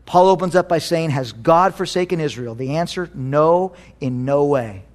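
A man's voice: fairly high pitch, normal speed, a little mellow. A man preaching a sermon as a youth pastor, telling stories animatedly and acting out quotes.

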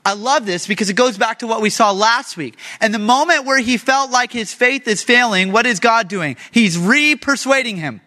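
A man's voice: very high-pitched, normal speed, few pauses, bright, forceful tone. A male pastor preaching a sermon in a conversational way, asking many rhetorical questions.

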